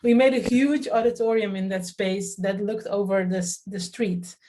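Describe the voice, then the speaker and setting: A woman's voice: medium pitch, fairly even intonation, moderate pace, mellow. A woman from the Netherlands in her thirties, talking in an interview about her work in theater, with lots of fillers and restarts. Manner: hesitant, many fillers and restarts. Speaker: festival artistic director. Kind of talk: interview, reflective talk.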